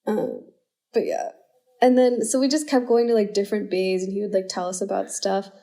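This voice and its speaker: A woman's voice: mid-range voice, steady tone, a little fast, vocal fry, dark tone. Chatty young woman telling stories. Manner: chatty storyteller, full of "like" fillers. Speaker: podcast guest. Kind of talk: casual chat.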